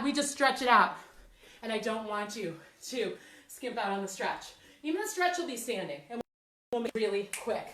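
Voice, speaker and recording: High-voiced woman coaching a workout. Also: normal speed. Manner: energetic, encouraging, counts down reps. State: a little out of breath. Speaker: fitness instructor. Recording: echoey room, mic at a distance.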